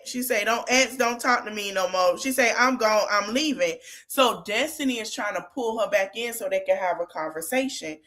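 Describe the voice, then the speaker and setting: A woman's voice: a little high, expressive, moderate pace, fairly bright tone. A woman hosting a podcast, retelling a reality-show argument in casual chat and quoting each person in turn. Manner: retells a scene in quotes, chatty and candid. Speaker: podcast host recapping reality TV. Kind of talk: casual recap monologue.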